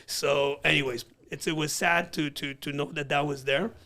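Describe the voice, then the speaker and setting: A man's voice: fairly high pitch, steady tone, moderate pace, pushed and bright. A man telling a story in a blunt, profanity-heavy casual chat as podcast host.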